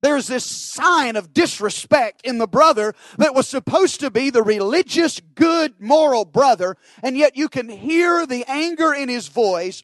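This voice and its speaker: A man's voice: very high voice, expressive, a little slow, hardly any pauses, a bit bright, dry recording, low-quality recording. A man preaching a sermon, earnest, often repeating his words as he presses a point, and reading scripture aloud.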